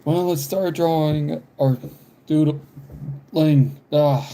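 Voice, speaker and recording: A young man live-streaming while doodling, talking casually in halting bits, sighing and apologizing because he has the hiccups. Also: a little high, mellow. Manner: halting, apologetic, frequent sighs and small laughs.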